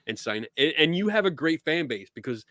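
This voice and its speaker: A middle-aged man with a Philadelphia accent hosting a casual chat, easygoing, laughing often and filling pauses with ums. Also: fairly high pitch, sing-song, pushed and bright, no room sound, clean studio sound. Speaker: podcast host.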